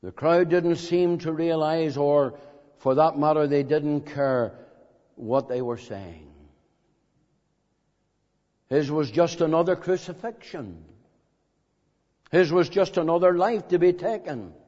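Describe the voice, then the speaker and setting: A man preaches an evangelistic sermon with a slightly high voice, drawing out each phrase slowly and dramatically as he presses his listeners with pointed questions. The sound is dull and lo-fi, with a long reverb from the hall. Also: darkish tone. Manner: slow, dramatic, with emphatic questions. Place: meeting hall.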